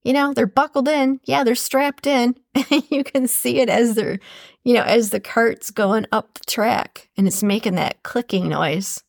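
Woman, podcast host, motivational monologue, gravelly voice, dry close sound. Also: on the high side, unhurried, no room sound. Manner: earnest, repeats phrases for emphasis.

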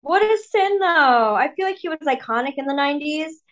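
A woman co-hosting a podcast in casual chat, blunt and expressive, often poking fun at herself. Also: sits high, brisk. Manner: blunt, expressive, self-mocking. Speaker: podcast co-host.

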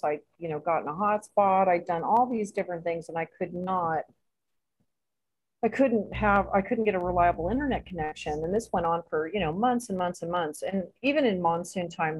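Woman guest, lively anecdote teller, laughs often, salty language. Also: lowish voice, poor audio. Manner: animated, laughing, swears freely. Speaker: interview guest. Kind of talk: casual storytelling.

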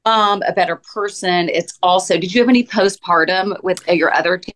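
A woman in her forties, a podcast guest in casual chat, telling lively stories and acting out what she said back then. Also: lowish voice, fairly quick. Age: 40s. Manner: animated storyteller, acts out her own past lines.

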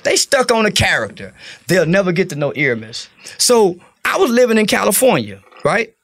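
A man's voice: sits high, sing-song, normal speed, fairly bright tone, no room sound. A middle-aged man from Texas, talking bluntly and profanely as a podcast guest. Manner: blunt, profane, preacher-like storytelling. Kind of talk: casual interview talk.

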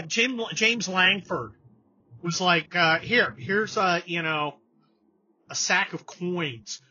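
A man's voice: high voice, pushed and bright, husky. A man hosting a casual political chat show, talking sarcastically and slipping into mocking impressions. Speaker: podcast host. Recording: dull lo-fi sound.

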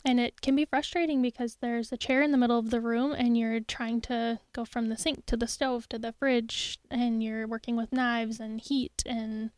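A young woman chatting as a guest, laughing often and acting out quick quotes. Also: fairly high pitch, level tone, darkish tone, no echo. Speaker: podcast guest. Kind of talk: casual interview conversation.

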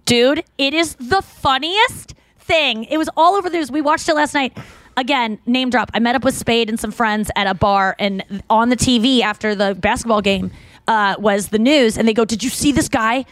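A woman's voice: on the high side, moderate pace, fairly bright tone, no room sound. A woman hosting a podcast, chatting casually and rambling with lots of fillers and restarts. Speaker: podcast host. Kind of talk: casual chat.

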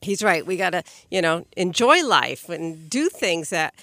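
A woman co-hosting a podcast, chatting affectionately and warmly. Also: fairly low pitch, sing-song, unhurried, no room sound, clean studio sound. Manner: warm, affectionate, many awws and laughs. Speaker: podcast co-host. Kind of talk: casual podcast chat.

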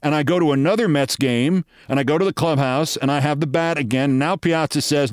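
A man's voice: on the high side, brisk, hardly any pauses, dry recording, studio quality. A man, a podcast host telling a wry anecdote and acting out the voices of the people in it. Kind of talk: storytelling monologue.

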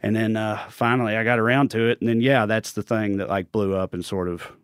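A man's voice: fairly low pitch, steady tone, a little fast, clear, resonant tone, dry recording, clean studio sound. A man with a Tennessee Southern accent, a guest comedian chatting on a podcast, telling stories in a wry, self-deprecating way. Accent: East Tennessee Southern. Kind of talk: casual podcast chat.

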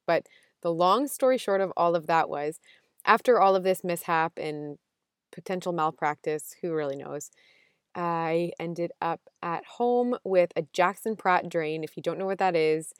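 A young woman talks through a casual solo podcast episode, chatty and emotional, often breaking into quick asides and restarts. Her voice sits a little low for a woman and comes through a close, dry mic with no room sound. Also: smooth, no room sound. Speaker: podcast host.

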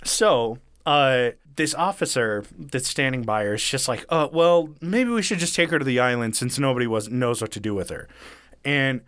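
This podcast co-host, a man with a medium-pitched, slightly bright voice, retells a true story at a moderate pace with lively intonation. The chat is casual and profane, and he acts out what the people in it said. The recording is dry and studio-clean.

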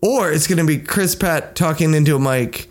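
A man's voice: on the high side, normal speed. Sarcastic man co-hosting a podcast. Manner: sarcastic, teasing. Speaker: podcast co-host. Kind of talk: casual banter.

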